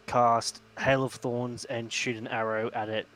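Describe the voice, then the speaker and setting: A man playing a tabletop game, stating his actions in a halting, hesitant way. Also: mid-range voice, level tone, fairly bright tone, a little hiss or hum, low-quality recording. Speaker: player. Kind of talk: casual tabletop play.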